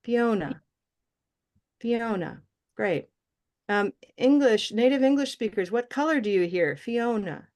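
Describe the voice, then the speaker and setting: A woman teaching English pronunciation in a class, encouraging and modeling sounds slowly and repeating them. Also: fairly high pitch, lively intonation, a little mellow. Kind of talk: online class instruction.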